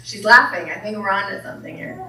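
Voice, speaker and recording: A woman's voice: medium pitch, sing-song, fast. A woman preaches to a church congregation in a light, joking way, often asking them questions. Her voice sits mid-range and carries the echo of a large hall. It is picked up from a distance, with faint room noise behind it. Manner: playful, asks the congregation questions. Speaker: minister. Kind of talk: sermon with jokes.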